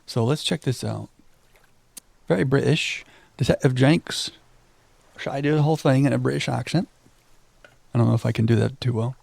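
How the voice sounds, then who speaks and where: A young man from Texas streams a mystery game, reading its text aloud and chatting with his viewers in between. His voice is heavily gravelly with a dark, mellow tone. The sound is close and dry, with no room echo. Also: medium pitch, moderate pace, long pauses. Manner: reads on-screen text aloud, then chats with viewers. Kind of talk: casual let's-play commentary reading game text aloud.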